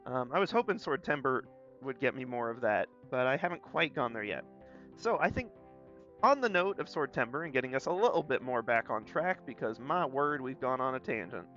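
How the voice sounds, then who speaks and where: Young man, light Southern accent, rambling and folksy, bright tense voice, dull recording with faint guitar music. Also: mid-range voice, expressive, brisk. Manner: rambling, self-deprecating, folksy. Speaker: art streamer. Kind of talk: casual chat while drawing.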